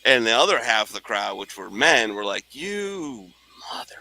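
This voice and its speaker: Bright-voiced man telling a story. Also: lowish voice, fairly quick, creaky, poor audio. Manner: animated, jokey, acts out voices in his stories. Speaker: podcast host. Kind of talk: casual storytelling chat.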